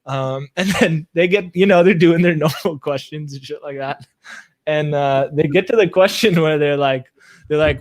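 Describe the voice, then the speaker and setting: A man's voice: on the high side, normal speed. Laid-back man telling a story with laughs. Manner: laid-back, laughs often, says bro a lot. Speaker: podcast co-host. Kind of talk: casual chat, telling a funny story.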